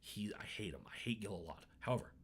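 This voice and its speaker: A man's voice: fairly low pitch, animated, fast talker. Rambling, profane man on a podcast. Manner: rambling, profane, emphatic rants. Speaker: podcast co-host. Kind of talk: casual chat.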